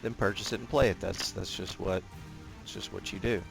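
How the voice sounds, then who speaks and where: Deep-voiced man rambling over gameplay. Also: a little fast, creaky, music in the background. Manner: relaxed rambling, frequent fillers and restarts. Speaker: gameplay commentator. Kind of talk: casual gameplay commentary.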